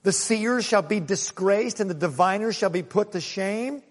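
Guy preaching, kinda high voice, chatty storytelling then punching his points, big echoey hall. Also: moderate pace. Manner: conversational preaching with anecdotes and chuckles; swings from soft asides to raised emphatic points. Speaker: pastor. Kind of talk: sermon.

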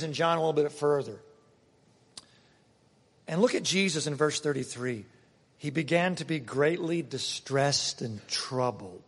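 A man with a high voice preaches in a church, and the sound rings with a long hall reverb. He reads scripture dramatically and swings from loud, emphatic lines to hushed ones. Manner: dramatic reading of scripture quotes. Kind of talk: sermon.

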